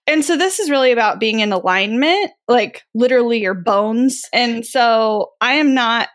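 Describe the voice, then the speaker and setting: A woman's voice: fairly high pitch, moderate pace, a bit bright. A woman hosting a podcast, chatting casually and laughing easily. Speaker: podcast host.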